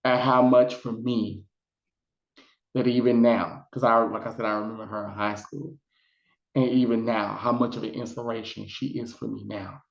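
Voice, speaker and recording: A man's voice: mid-range voice, steady tone, moderate pace, vocal fry. A man chatting casually in a video review, retelling scenes with lots of fillers. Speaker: psychic vlogger reviewing a documentary. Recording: roomy, dull lo-fi sound.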